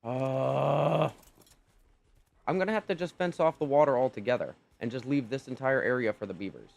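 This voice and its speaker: A man's voice: medium pitch, moderate pace, vocal fry, darkish tone. A young man commentating his own gameplay, exasperated and incredulous, swearing often. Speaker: gaming channel host.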